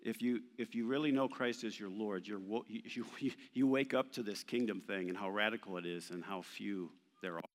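A male pastor delivering an animated sermon, emphatic and sometimes playful, quoting scripture with rising force. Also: on the low side, moderate pace, hardly any pauses. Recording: long reverb of a large hall.

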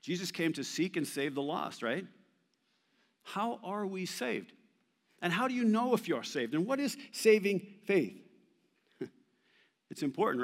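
A male pastor delivering an animated sermon, emphatic and sometimes playful, quoting scripture with rising force. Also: fairly high pitch. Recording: long reverb of a large hall.

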